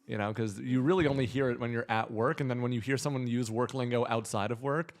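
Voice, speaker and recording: A man co-hosting a podcast, joking in an animated way in casual chat and swearing casually. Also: mid-range voice, fast talker. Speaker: podcast co-host.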